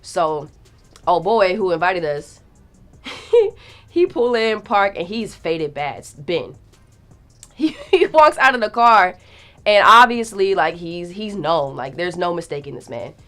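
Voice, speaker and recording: A woman's voice: on the low side, slow pace, soft background music. A young woman telling a story in a casual, slangy way, acting out the quotes with big jumps in her voice. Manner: animated, slangy, acts out quotes. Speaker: guest storyteller.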